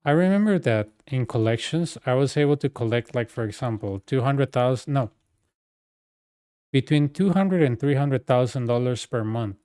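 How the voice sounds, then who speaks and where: Mellow-voiced man. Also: mid-range voice, expressive, normal speed, smooth, dry recording, clean studio sound. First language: Spanish. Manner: rambling, full of fillers and asides. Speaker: game streamer. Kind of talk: casual storytelling chat.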